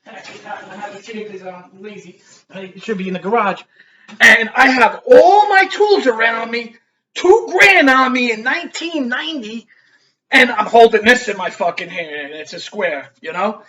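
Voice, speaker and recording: A man's voice: extremely high pitch, moderate pace. A middle-aged man telling a story in a casual, rambling way, swearing freely. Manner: profane, animated, rambling storyteller. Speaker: vlogger.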